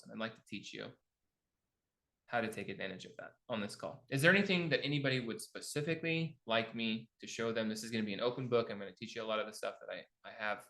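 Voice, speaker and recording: A man's voice: fairly low pitch, a bit bright. A middle-aged man coaching a live online class on real estate investing, telling stories and acting out both sides of his phone calls. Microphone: video call.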